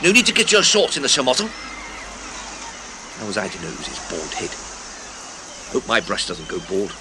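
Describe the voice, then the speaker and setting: A man's voice: lowish voice, huge pitch swings, normal speed, background noise. A man voicing a cheeky male fox puppet who sings music-hall songs and tells jokes with bursts of laughter, on a comic record. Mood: cheeky chatter. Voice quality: chuckling, music-hall sing-song. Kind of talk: comic song and patter record. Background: brass band music.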